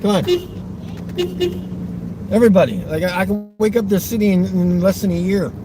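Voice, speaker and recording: High, animated man, teasing car vlogger, loud road noise. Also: moderate pace. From Westchester County, New York. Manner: provocative, teasing, laughs often. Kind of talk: rambling car vlog talk.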